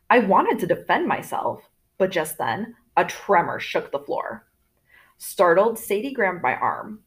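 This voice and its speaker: Lively, expressive woman reading a story aloud. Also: lowish voice, moderate pace. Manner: expressive, voicing characters in turn. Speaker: audiobook narrator. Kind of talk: storytelling narration.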